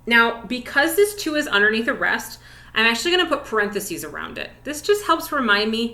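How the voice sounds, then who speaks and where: A woman's voice: a little high, big pitch swings, a little fast, bright, forceful tone. A young woman teaching an elementary music lesson online, encouraging and speaking straight to young students. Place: classroom. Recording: echoey room.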